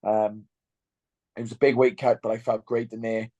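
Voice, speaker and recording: A man's voice: lowish voice, level tone, moderate pace, dark tone, no echo. A young man, a fighter in an interview, talking bluntly and swearing freely. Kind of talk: casual interview chat.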